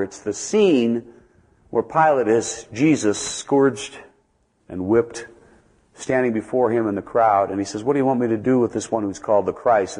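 A man preaching a sermon as a pastor, telling stories and building to loud, emphatic peaks before dropping back to quiet asides. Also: on the low side, breathy edge. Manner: storytelling, swings from soft asides to loud emphatic climbs. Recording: long reverb of a large hall.

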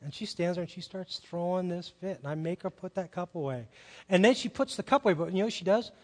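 A man's voice: sits high, fast. A middle-aged man preaching a sermon, telling family stories in a conversational way and asking the congregation rhetorical questions. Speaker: pastor. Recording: long reverb of a large hall.

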